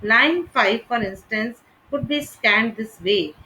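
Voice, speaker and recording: A woman reading a scripted literature lesson in a measured, deliberate way. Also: fairly high pitch, sharp tone, highs cut off, slight background noise. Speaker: literature teacher.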